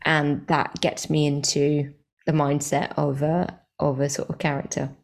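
A chatty woman comedian talking casually as a guest in an interview. Her voice sits fairly low and has a gravelly edge. She often restarts her sentences and fills the pauses. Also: flat delivery. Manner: chatty, self-correcting, many fillers.

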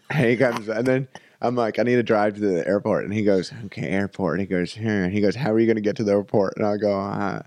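A man's voice: lowish voice, steady tone, fast talker, darkish tone, dry recording. A man telling a long story in casual chat, rambling and laughing as he acts out other people's lines.

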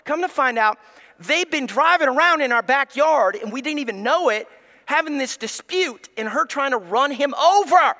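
Bright, high-voiced preaching pastor. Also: male voice, expressive, normal speed, big-room sound. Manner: emphatic, preacherly, addresses congregation. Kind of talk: sermon. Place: church sanctuary.

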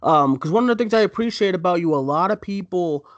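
A man's voice: high voice, animated, quick pace, no echo. Rambling male podcast co-host, dull sound. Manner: rambling, many fillers and restarts. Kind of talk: casual live-show chat.

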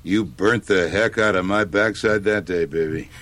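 A man's voice: sits low, normal speed, a bit bright. A man voicing a swaggering, flirty soldier hero from a cartoon. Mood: teasing. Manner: teasing, flirtatious.

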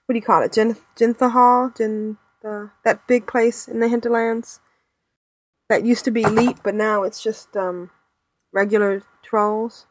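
A woman's voice: a little high, flat delivery, measured pace, no room sound. A woman co-hosting a podcast, chatting casually and rambling with fillers and laughs. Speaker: podcast co-host. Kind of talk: casual chat.

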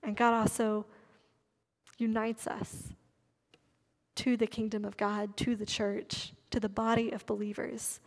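A woman preaching a sermon, slowing down to stress key words. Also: fairly high pitch, little pitch movement, big-room sound. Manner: emphatic, stresses key words with slowed delivery.

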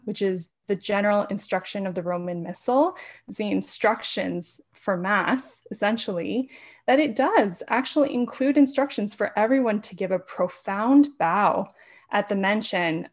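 A woman who is a podcast guest in a casual interview, talking fast and laughing often. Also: mid-range voice. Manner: talks fast with frequent laughs.

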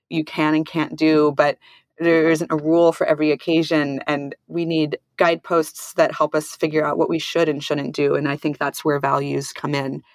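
A woman hosting an interview podcast, speaking in a measured, thoughtful way. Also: sits low, dry recording. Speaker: podcast host.

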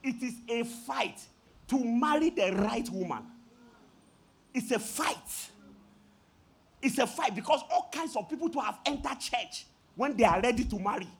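A man with a Nigerian accent preaching a sermon as pastor, calling out to his congregation in an animated way. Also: very high-pitched, unhurried, vocal fry, long pauses, slightly rough.

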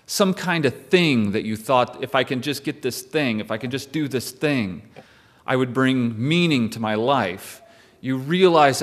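A male pastor preaching a sermon in a conversational way, with wry asides to the congregation. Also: mid-range voice.

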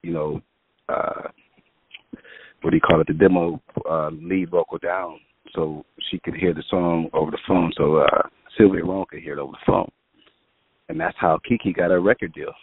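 On a tinny, phone-like line with no echo, a male music producer tells an animated story at normal speed. His low voice has a breathy edge, and he acts out quotes amid plenty of fillers.

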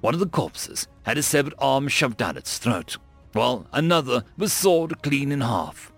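A man narrating a science-fiction audiobook in a dramatic, expressive manner. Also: medium pitch, normal speed, creaky. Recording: dry close mic with faint music.

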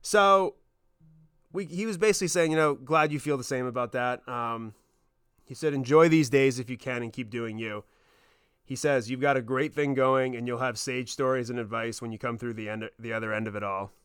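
A man in his thirties hosting a podcast, telling a personal story in a casual, excited way, swearing often and getting choked up. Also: medium pitch, moderate pace, clear, resonant tone, dry recording, clean studio sound. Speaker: podcast host.

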